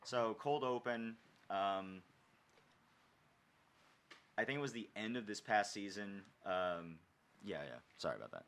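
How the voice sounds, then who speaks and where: A man's voice: lowish voice, expressive, a little slow, long pauses, fairly bright tone, clean tone. A man chatting casually on a podcast, hesitant, full of ums, often trailing off mid-thought. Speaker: podcast co-host.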